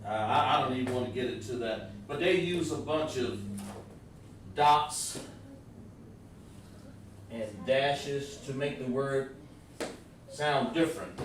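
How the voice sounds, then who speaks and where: A man's voice: medium pitch, slow pace, pauses often, a little hiss or hum. Man teaching scripture in an echoey room. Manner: explains word by word, addresses listeners directly. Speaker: religious teacher. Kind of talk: live-streamed scripture class. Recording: very echoey room, far from the mic.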